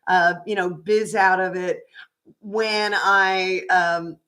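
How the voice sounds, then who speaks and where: A woman's voice: fairly low pitch, steady tone, slow, a bit bright. An older woman from Oklahoma, a psychic reader chatting casually on a livestream, rambling with fillers and restarts.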